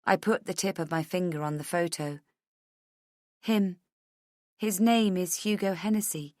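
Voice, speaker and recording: A woman narrating a suspense audiobook in the first person, measured and tense. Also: lowish voice, darkish tone, dry recording, clean studio sound.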